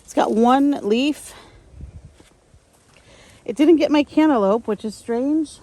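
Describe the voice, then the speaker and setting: A woman from upstate New York talking to her camera while she tends her garden, sighing, hesitant and thinking out loud. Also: sits high, takes it slowly. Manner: sighing, hesitant, talks to herself while working. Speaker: gardening vlogger. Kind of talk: casual vlog narration. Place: outdoor garden.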